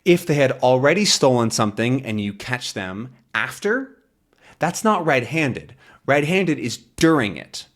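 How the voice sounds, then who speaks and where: Patient male English teacher, expressive and animated, walks learners through a comic. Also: mid-range voice, unhurried. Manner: patient, explains words with everyday examples; animated voice, jumps into acted quotes. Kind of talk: language lesson explaining a comic.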